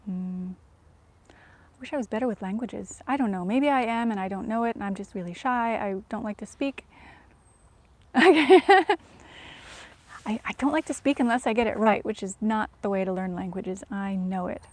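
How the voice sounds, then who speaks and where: A woman vlogger chatting casually to viewers, soft-spoken and often dropping to a whisper, self-deprecating. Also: medium pitch, moderate pace.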